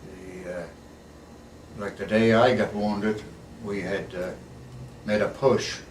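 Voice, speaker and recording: In a casual storytelling interview, an older veteran of the war speaks slowly in a fairly low, creaky voice with fairly even intonation. His manner is plain and folksy, and he often ends sentences with "eh." The recording comes from a distance in an echoey room with a faint hiss.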